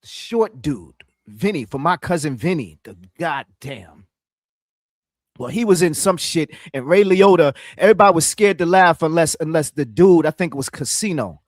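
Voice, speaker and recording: A man's voice: on the high side, moderate pace, no room sound, clean studio sound. A man doing casual live-stream reaction commentary, loose and profane, often mimicking the voices in the clips he plays.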